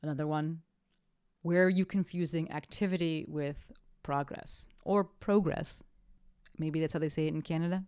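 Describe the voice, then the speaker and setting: Deep, steady, and a little mellow, this woman's clear, resonant voice moves at a normal pace as she hosts her solo podcast. She's chatty and upbeat, frequently fixing her own sentences midway, and closes with a bright sign-off in a dry, studio-quality recording.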